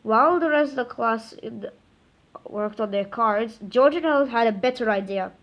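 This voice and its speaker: A woman reading a children's book aloud, halting often with stumbles and self-corrections. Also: a little high. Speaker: reader.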